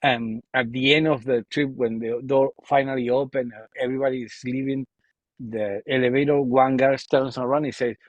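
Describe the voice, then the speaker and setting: An Argentine man with a Spanish accent hosts a relaxed chat, often ending his remarks with "isn't it?" His voice sounds muffled and lo-fi, with a dry sound and no room echo. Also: mid-range voice, moderate pace. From Buenos Aires, Argentina. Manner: conversational, asks leading questions with "isn't it?". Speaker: podcast host. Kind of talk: casual interview chat.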